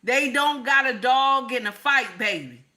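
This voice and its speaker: Speaking in a high voice with lively intonation, this American livestream host takes her time, her sound pushed and bright. She's from the United States and rants profanely and emphatically at viewers, going over her points again and again.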